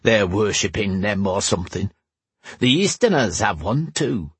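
A man's voice: lowish voice, very animated, measured pace, husky, no echo, full character voice. A male narrator voicing a grumpy, grey-haired old cobbler who talks bluntly and grumbles. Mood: gossiping. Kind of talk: audiobook character voice.

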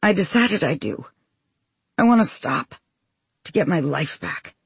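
A man voicing a nervous, hopeful young woman in recovery, in a raised, soft tone. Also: sing-song, unhurried, vocal fry, husky, dry recording, heavily acted. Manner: soft, higher-pitched tone.

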